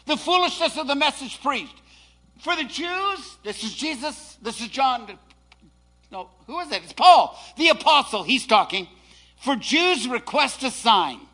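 A man preaching a sermon in a high, bright voice. He moves slowly through his points, sinking into quiet, hushed asides and then climbing into shouted declarations. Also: very animated.

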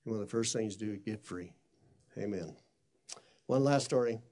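A man's voice: lowish voice, moderate pace, dark tone. A middle-aged man preaching a sermon and telling stories in an earnest, conversational way with frequent restarts. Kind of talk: sermon storytelling.

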